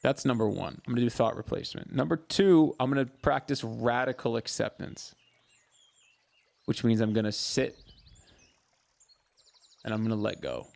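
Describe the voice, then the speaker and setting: A man hosting a live mental health Q&A as a therapist, answering viewers in a warm, coaching way and repeating phrases for emphasis. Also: medium pitch, moderate pace, vocal fry. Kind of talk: live-stream advice answering viewer questions.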